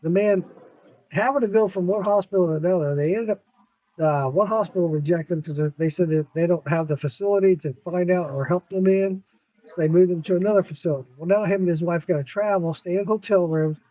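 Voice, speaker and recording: A man with a notably high voice, chatting casually on a podcast. He tells stories with lots of energy, swears freely and breaks into laughs along the way. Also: a little fast, no echo. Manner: animated storyteller, swears freely, laughs often. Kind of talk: casual chat.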